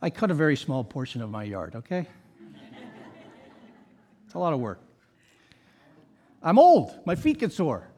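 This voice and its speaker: Male pastor, high voice, emphatic sermon delivery full of rhetorical questions. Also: huge pitch swings, a little slow, pauses often, mellow.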